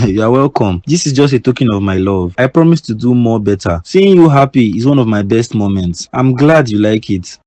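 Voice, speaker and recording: A man voicing a loving, generous husband and father in a cartoon, calm and affectionate. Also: medium pitch, normal speed, no echo, lightly acted. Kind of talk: cartoon voice acting.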